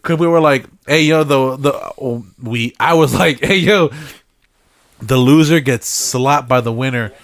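A man's voice: mid-range voice, unhurried, no room sound. A young man from the Bay Area co-hosting a podcast, telling childhood stories in casual slang between bursts of laughter. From San Francisco Bay Area. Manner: laughing storyteller, heavy slang and swearing. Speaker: podcast co-host. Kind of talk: casual chat.

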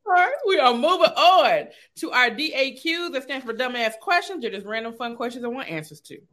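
Bright lively woman host. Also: high-pitched, a little fast. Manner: playful, laughs often, sing-song plugs. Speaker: podcast host. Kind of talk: casual interview chat.

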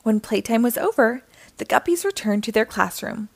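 A woman reading a children's picture book aloud in an animated, sing-song way. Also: a little high, moderate pace, vocal fry. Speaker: storyteller.

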